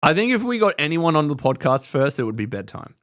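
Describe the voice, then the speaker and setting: A man's voice: a little high, sing-song, quick pace, a bit bright. A man hosting a casual podcast livestream, chatting animatedly and laughing often. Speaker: podcast host. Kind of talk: casual live-stream chat.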